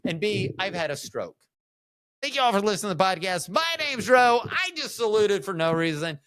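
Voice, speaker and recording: A man's voice: high voice, big pitch swings, normal speed, a bit bright, smooth, no echo, studio quality. A man hosting a solo podcast, rambling through jokey asides with frequent restarts. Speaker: podcast host.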